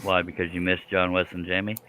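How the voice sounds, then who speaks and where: A man's voice: deep voice, completely flat delivery, quick pace, bright, forceful tone, slight background noise. A man hosting a live stream, chatting casually, teasing his co-host and laughing often. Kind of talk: casual chat while reading comments.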